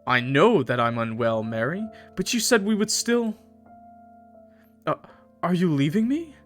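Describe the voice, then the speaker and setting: A man voicing a bewildered zombie husband in a horror visual novel, soft and pleading. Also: fairly high pitch, expressive, measured pace, faint music behind.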